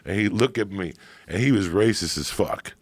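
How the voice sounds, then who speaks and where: A middle-aged man telling profane stories in a casual chat, getting animated as he goes. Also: fairly low pitch, normal speed, no echo.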